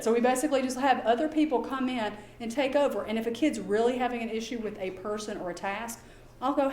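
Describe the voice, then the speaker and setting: A middle-aged woman giving a lecture as a behavior specialist, lively and acting out quoted exchanges in voices. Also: on the high side, a little fast. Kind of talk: conference lecture. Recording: echoey room, faint background ambience.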